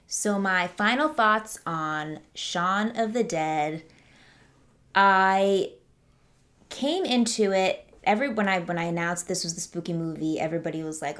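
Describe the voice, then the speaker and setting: A woman with a slightly low voice hosts a casual movie review vlog. She talks in an enthusiastic, rambling way, full of fillers and restarts. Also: measured pace, fairly bright tone. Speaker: movie reviewer, channel host.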